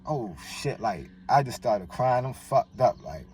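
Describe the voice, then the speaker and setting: A man's voice: mid-range voice, very animated, measured pace, darkish tone. A man from Baltimore with a Baltimore accent, a guest telling a personal story in a slangy, emotional, rambling way. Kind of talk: personal storytelling in casual chat. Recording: distant mic with faint noise.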